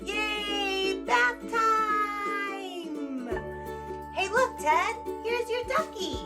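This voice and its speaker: A woman teaching toddlers in a gentle, encouraging voice, talking slowly and repetitively in a sing-song way. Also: very high voice, very animated, over loud music. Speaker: early childhood educator. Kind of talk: toddler teaching video narration.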